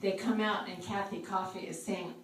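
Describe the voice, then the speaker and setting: A woman sharing a live church testimony with a group, talking haltingly with frequent ums. She is recorded on a phone from across the room. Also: medium pitch, fairly even intonation, background noise. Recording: echoey room, distant phone mic.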